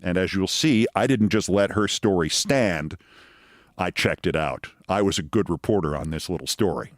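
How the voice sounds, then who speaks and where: A man's voice: moderate pace, dry recording, studio quality. A man in his sixties hosting a podcast, telling a long anecdote in a wry storytelling monologue. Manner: wry storyteller, acts out quoted voices in higher pitch. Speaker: podcast host.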